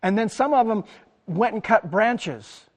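A man preaching a sermon as pastor, animated, acting out the crowd's words in his talk. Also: sits high, unhurried, in a large hall. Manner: animated preaching, acts out quoted crowd lines.

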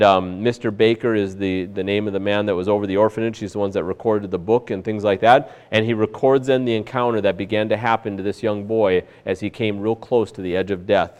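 A man's voice: lowish voice, clear, resonant tone. A man preaching a sermon in an earnest way, with frequent fillers and restarts. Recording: long hall reverb.

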